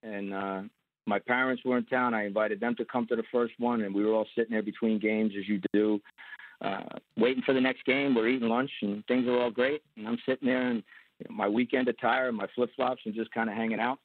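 A man from New York telling a story as an interview guest, animated and acting out the voices of other people. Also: fairly low pitch, a little fast, no room sound. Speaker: guest, former undercover agent. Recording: tinny phone-like line.

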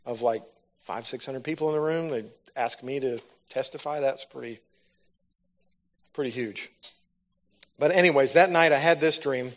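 Speaking in a mid-range voice at a moderate pace with long pauses, a man gives a sermon. He recounts his personal testimony as a story, and it builds to loud, fervent preaching.

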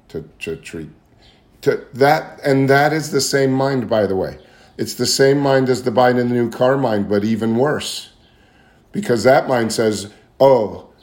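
Earnest man sharing a confessional story. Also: on the low side. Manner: earnest, confessional, repeats phrases while searching for words. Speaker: speaker sharing recovery story. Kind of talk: personal testimony talk.

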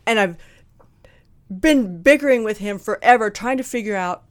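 A woman telling a personal story in a candid, blunt, animated way, acting out what people said. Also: mid-range voice, normal speed, no room sound, studio quality. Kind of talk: casual storytelling chat.

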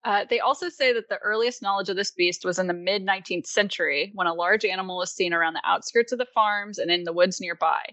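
Woman podcast host, bright and forward voice, loose chatty delivery with many fillers, dry close sound. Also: mid-range voice, fast talker, few pauses, dry recording. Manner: chatty, filler-heavy, laughs often. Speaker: podcast co-host presenting research. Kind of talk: casual chat.

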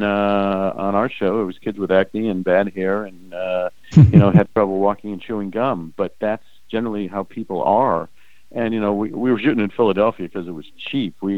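An older man and former game show host, telling animated anecdotes in a casual interview, often acting out quoted voices. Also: deep voice, dry recording, narrow, tinny audio.

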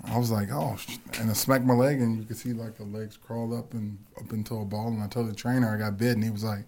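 A low-pitched man with a gravelly edge to his voice spins stories in a relaxed podcast chat. He laughs easily as he talks, a guest swapping tales with the hosts. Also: quick pace. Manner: storytelling, laughs while talking. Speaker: guest, football coach.

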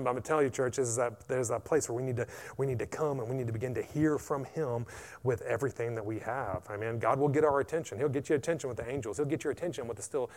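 A man as American pastor, mid pitch, preaches with loud peaks and hushed drops, peppers "amen". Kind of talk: sermon.

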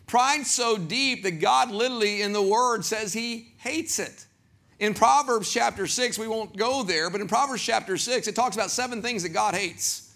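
A Southern pastor preaches with animated energy, slipping into little voices for the people he quotes. His voice sits high for a man and carries a gravelly edge. The tone is bright and forceful, pushing every line out to the congregation. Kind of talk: sermon.

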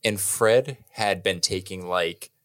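Lively storytelling young man, lowish voice. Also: takes it slowly. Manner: animated, profane, self-mocking storyteller. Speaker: podcast co-host. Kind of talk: casual storytelling chat.

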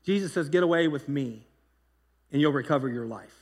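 A pastor preaching a sermon in a loose, conversational way, telling stories with lively energy and frequent restarts. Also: male voice, fairly high pitch, a little fast, in a large hall. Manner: conversational, animated storytelling with repeated restarts.

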